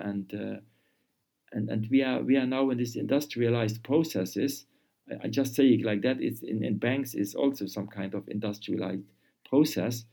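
Man, interview guest, halting and repetitive, warm dark tone. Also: medium pitch, gravelly. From Luxembourg. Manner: halting, repeats words while searching for phrasing. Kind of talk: conversational interview.

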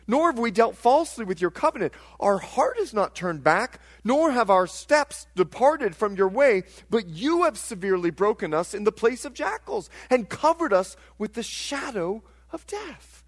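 Male pastor, sermon, high voice, very animated delivery, loud to hushed. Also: moderate pace, hardly any pauses. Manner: dramatic, swinging from loud cries to hushed tones.

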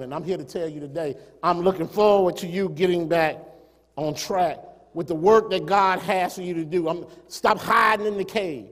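A man preaching a sermon, firing rhetorical questions at the congregation, swelling to emphatic peaks and then dropping to quiet asides. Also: high-pitched. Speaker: pastor. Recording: long hall reverb.

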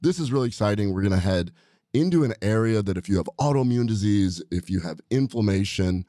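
A man's voice: lowish voice, lively intonation, a little fast, dark tone, no echo. A man hosting a podcast, talking in an enthusiastic, rambling way with frequent restarts, in a studio. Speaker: podcast host, doctor. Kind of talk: casual podcast chat.

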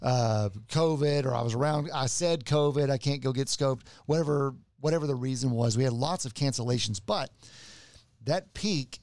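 A man's voice: mid-range voice, normal speed, a little mellow, dry recording. A man, a medical practitioner co-hosting a podcast, explaining earnestly with restarts. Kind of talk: casual podcast chat.

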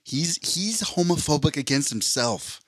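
A man's voice: a little high, lively intonation, a little slow, no echo, studio quality. A man co-hosting a casual podcast, telling rambling, self-deprecating stories. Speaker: podcast co-host. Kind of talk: casual chat.

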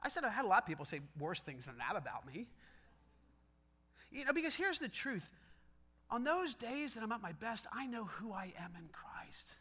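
A middle-aged male pastor with a very high, sharply bright voice, preaching in a loose, chatty way. He swings his pitch around a lot, acts out quick back-and-forth exchanges and laughs along with his own stories. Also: slightly rough. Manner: animated, conversational, acts out dialogue, laughs often. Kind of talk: sermon.

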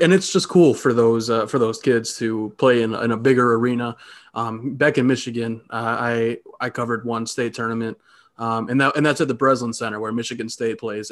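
A man co-hosting a sports podcast who talks quickly. He sounds upbeat and keeps things moving like a host. His voice sits at a middle pitch. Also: steady tone, a bit bright. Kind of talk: casual sports chat.

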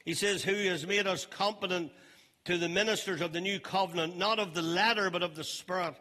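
An older man preaching a sermon as pastor, emphatic and stressing phrases slowly. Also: sits high, fairly even intonation, bright, forceful tone. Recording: long reverb of a large hall.

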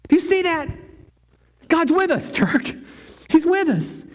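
High-voiced male pastor preaching emphatically. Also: very animated, slow pace. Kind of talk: sermon. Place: church sanctuary.

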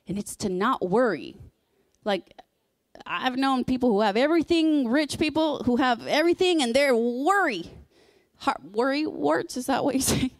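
A woman's voice: on the high side, no echo, studio quality. A woman in her thirties preaching a sermon in a conversational way, telling personal stories with lots of fillers.

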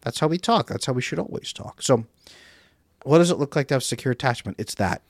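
Brief: male relationship coach, lively delivery, dry close recording. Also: medium pitch, brisk, dry recording. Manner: animated, acts out example dialogues. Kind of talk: casual interview talk.

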